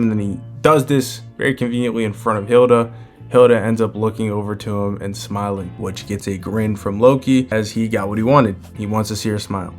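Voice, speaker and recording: Chuckling man recapping a manga chapter. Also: on the low side. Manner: relaxed, chuckles as he retells scenes.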